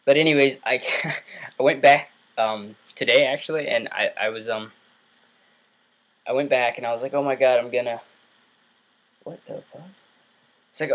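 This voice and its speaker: A man's voice: medium pitch, brisk, a bit bright. A young man talking to his computer in his bedroom, rambling and laughing as he tells a story on his vlog. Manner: rambling, self-interrupting, laughs often. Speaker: vlogger. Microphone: computer mic.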